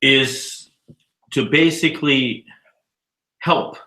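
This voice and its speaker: Man, 50s, expressive, bright tone, roomy echo, casual cursing storyteller. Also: mid-range voice, drawn-out words. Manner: animated, profane storyteller acting out dialogue. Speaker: interviewee, educator living abroad.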